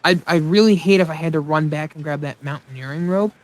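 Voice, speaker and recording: A man's voice: fairly high pitch, quick pace. A man hosting a let's play, giving casual gameplay commentary and rambling aloud as he thinks, often mocking himself.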